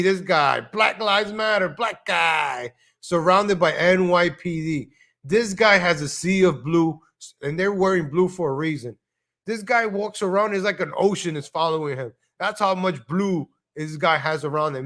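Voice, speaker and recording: High-voiced ranting New man. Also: a bit bright. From New York. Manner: heated, mocking, profane rant. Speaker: live stream host. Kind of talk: live stream commentary over a video.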